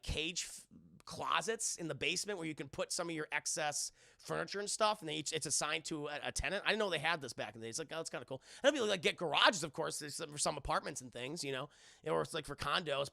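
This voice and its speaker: A man's voice: fairly high pitch, vocal fry, sharp tone, no room sound, studio quality. A young man streamer casually recapping a horror film for his chat, rambling with lots of fillers and swearing. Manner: rambling, hesitant, swears often. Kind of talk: casual profane movie recap.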